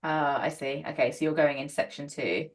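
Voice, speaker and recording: A woman's voice: deep voice, steady tone, moderate pace. A British woman hosting a fan podcast, enthusiastic and steering the chat with questions. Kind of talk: casual chat.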